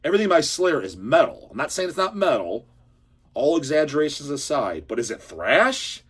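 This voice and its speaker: A husky-voiced man rants in a casual monologue, heated and profane. His pitch swings up and down as he pushes his point. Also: moderate pace. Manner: profane, heated, animated ranting. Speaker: channel host. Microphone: handheld camera or phone.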